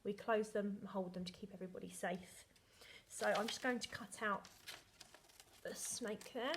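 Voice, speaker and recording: A woman, a primary school teacher recording a lesson video for young children, talking in a cheerful, sing-song, slow way. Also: fairly high pitch, fairly even intonation, background noise. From England.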